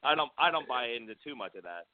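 A man's voice: mid-range voice, animated, quick pace. A man, a chef co-hosting a casual podcast, grumbling in a laid-back way and swearing casually. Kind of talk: casual chat. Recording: dry, tinny phone-like sound.

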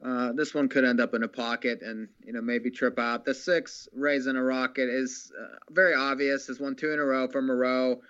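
A man handicapping a harness race, laying out his analysis in a measured way with many fillers. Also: mid-range voice, steady tone, fairly bright tone, clear, resonant tone, dull audio. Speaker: racing handicapper. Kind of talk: horse racing handicapping talk.

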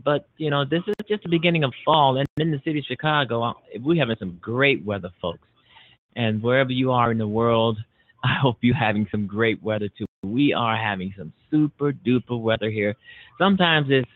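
With punchy, repeated declarations, a male host drives his political talk on a Chicago internet radio show. His pitch is medium, and he comes through a dry, tinny line like a phone with no room sound.

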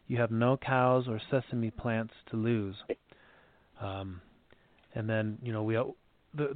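A man sharing a short teaching story as a lay minister, calm and steady with small fillers. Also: medium pitch, dry recording. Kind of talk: sermon storytelling. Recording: tinny phone-like band, dry.

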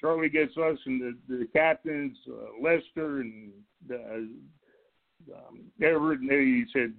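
A man, a former football coach, calling in to a radio show and telling lively stories about his old players and staff. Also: medium pitch, slow, gravelly, no echo. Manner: animated storyteller, acts out quotes, laughs along. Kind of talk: telling anecdotes on a call-in show. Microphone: telephone. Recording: tinny phone line.

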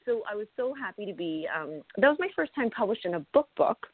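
A middle-aged woman talks animatedly as a guest, laughing often between thoughts. Her voice sits in an ordinary middle pitch and arrives dry, squeezed through a thin phone-like line. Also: big pitch swings, fairly quick, no echo. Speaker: interview guest, author and nutritionist. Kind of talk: casual interview conversation.

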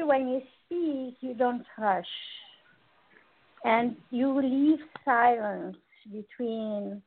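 A woman radio host and holistic coach speaks slowly and deliberately. She leaves pauses and asks her listeners rhetorical questions. Her rather high voice comes through a thin, phone-like line. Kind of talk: radio talk show monologue. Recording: tinny phone-line sound.

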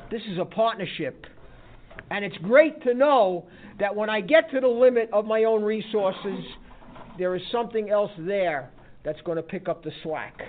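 Guy telling a folksy story to a recovery group, high voice, phone-line tinny sound. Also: moderate pace, a little hiss or hum. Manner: folksy, frequent "huh?" check-ins.

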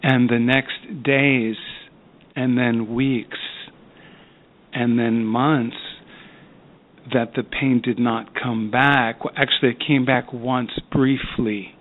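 A man speaking slowly and reflectively as a psychiatrist guest, pausing often and using many fillers. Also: mid-range voice, fairly even intonation. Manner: slow, thoughtful, with many pauses and fillers. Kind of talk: reflective interview talk. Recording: phone-like narrow line.

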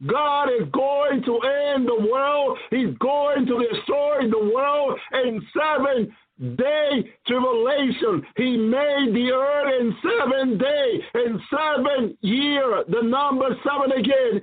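A man's voice: very high-pitched, slow pace. A man preaching a prophetic sermon, fervent and repetitive, with frequent hallelujahs and praise. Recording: tinny phone-like audio.

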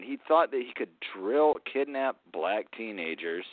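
A man's voice: lowish voice, animated, normal speed, no echo, narrow, tinny audio. A man co-hosting a podcast, talking in a profane, rambling way and laughing often. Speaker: podcast co-host. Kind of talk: casual crude chat.

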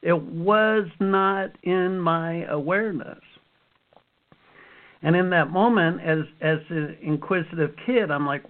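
A man in his fifties, an author telling lively stories from his life as an interview guest. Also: a little high, slow. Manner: animated storyteller, acts out his own past reactions. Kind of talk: storytelling interview answers. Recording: phone-like narrow sound.

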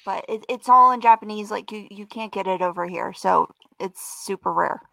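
A woman's voice: mid-range voice, moderate pace, gravelly, bright, forceful tone, rough recording. A woman in her thirties co-hosting a podcast from home, chatting in a laid-back way and laughing often. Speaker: co-host. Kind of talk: casual podcast chat.

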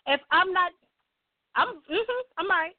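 A woman with a high voice hosts a casual radio talk show, blunt and salty, telling stories with lively energy. The sound is dry and thin, like it comes over a phone line. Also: measured pace, no echo. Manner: blunt, profane, lively storytelling.

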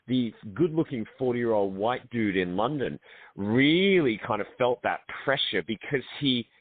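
A man's voice: mid-range voice, expressive, unhurried, dry recording. Australian man on a tinny line. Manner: chatty, restarts often. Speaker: film director guest. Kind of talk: casual interview over a call. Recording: tinny phone-like line, dry.

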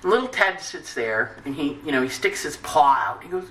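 A woman's voice: sits low, moderate pace, few pauses. Chatty woman astrologer in an echoey room. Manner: chatty, animated storytelling with asides. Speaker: astrologer host. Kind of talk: casual weekly forecast talk. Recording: echoey room, distant mic.

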